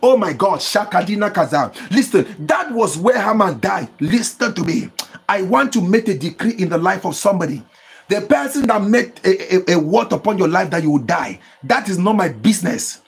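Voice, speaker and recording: A man's voice: high-pitched, animated, moderate pace, vocal fry, slightly rough. A male pastor preaching with fervor, calling for responses from listeners and breaking into bursts of tongues. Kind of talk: impassioned sermon with speaking in tongues.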